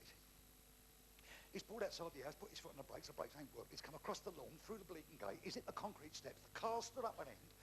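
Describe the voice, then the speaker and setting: A brash Cockney comedian working a live theatre crowd from the stage mic. His gravelly voice sits unusually high and rasps through rapid banter and drawn-out, sweary shaggy-dog tales, with a faint hiss underneath. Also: rough recording. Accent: London Cockney. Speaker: stand-up comedian. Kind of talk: live stand-up joke telling.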